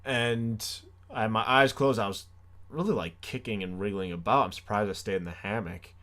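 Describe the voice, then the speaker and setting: A man's voice: on the low side, moderate pace, bright, forceful tone. A young man hosting a comedy podcast, telling a story animatedly with self-mocking sarcasm. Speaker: podcast host. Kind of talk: comic storytelling.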